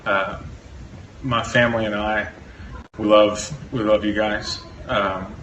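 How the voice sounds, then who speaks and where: A man's voice: lowish voice, slow pace, dull audio. Sincere man on a far mic, roomy sound. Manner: steady, sincere, brotherly. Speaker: church member. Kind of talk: farewell message. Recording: echoey, distant, faint noise.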